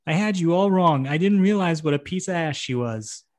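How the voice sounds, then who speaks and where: A man's voice: expressive, moderate pace, darkish tone, natural voice. A man doing a blunt mob wife. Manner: crude, falsetto-ish raised pitch. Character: blunt middle-aged suburban mob wife.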